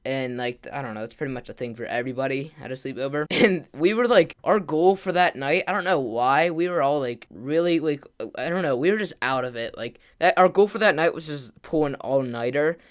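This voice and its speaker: Guy rambling thru a sleepover story, smooth clear voice, like like like everywhere. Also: a little high. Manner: rambling, full of "like" and "kinda" fillers; acts out friends' lines in quick quotes. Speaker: gaming vlogger. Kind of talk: casual storytime to camera.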